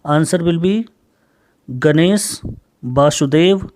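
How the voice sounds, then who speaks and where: A man teaching a general knowledge class in Indian English, repeating each question and answer slowly. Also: a little high, a little mellow, slight background noise. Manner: slow, repetitive quiz-answer explaining. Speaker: school teacher.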